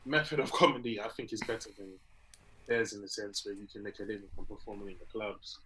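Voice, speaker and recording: A young comedian co-hosting a podcast, telling animated stories and acting out little scenes as he talks. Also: on the low side, fast, noisy background. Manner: animated storyteller, acts out little scenes, laughs readily. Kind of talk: casual chat.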